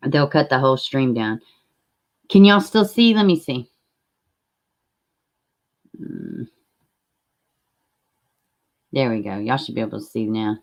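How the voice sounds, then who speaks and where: A woman's voice: rumbling low, expressive, takes it slowly, vocal fry, pauses often. A woman hosting a casual livestream, chatting to viewers, swearing casually and laughing often. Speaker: livestream host. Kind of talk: casual livestream reaction commentary.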